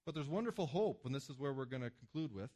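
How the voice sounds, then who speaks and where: A man's voice: medium pitch, animated, quick pace. Emphatic male pastor preaching. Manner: emphatic, dramatic swings between loud and hushed. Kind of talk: sermon with slides.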